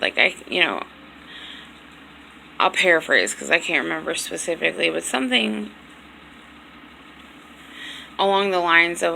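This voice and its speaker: A woman's voice: fairly low pitch, gravelly, pushed and bright, slight background noise, low-quality recording. A woman vlogger telling a long story casually, rambling, full of "like" and swearing, sounding tired and hurt. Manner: rambling, heavy on "like", frequent swearing.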